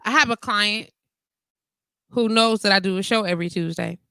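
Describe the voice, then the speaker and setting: A woman's voice: medium pitch, normal speed, creaky, smooth, no room sound. A woman, hosting a casual live call-in show and talking candidly, with frequent laughter. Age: 40s. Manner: candid, animated, laughs often, reads comments aloud. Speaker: internet radio talk show host.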